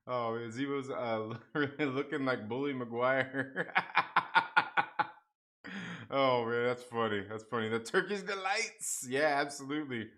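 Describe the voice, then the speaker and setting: A man's voice: mid-range voice, slow pace, pauses often, pushed and bright. A young man hosting a casual livestream, swearing and grumbling about a technical mix-up while reading out viewer chat. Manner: frustrated, swearing, laughing off a stream mix-up. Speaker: livestream host.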